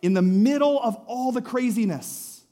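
A man preaching a sermon, swinging between loud emphatic lines and soft, slow, drawn-out phrases. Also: very high-pitched. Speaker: pastor.

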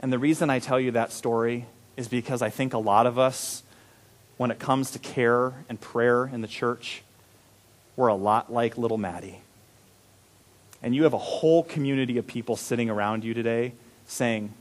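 This young adult man has a mid-range voice and keeps a moderate pace as he preaches. A pastor telling a story in his sermon, he delivers it with animation, shifting between loud emphasis and soft, hushed moments.

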